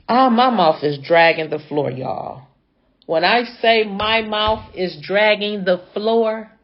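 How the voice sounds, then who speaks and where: A woman's voice: mid-range voice, takes it slowly, muffled recording. A woman braider telling a dramatic story in a chatty, casual way, talking straight to her viewers. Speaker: hair braider.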